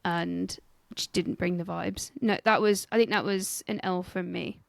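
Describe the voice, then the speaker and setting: A woman's voice: lowish voice, fairly even intonation, measured pace, vocal fry, dry recording, studio quality. A woman co-hosting a history podcast in a casual, jokey way, swearing freely as she tells the story. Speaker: podcast co-host and researcher.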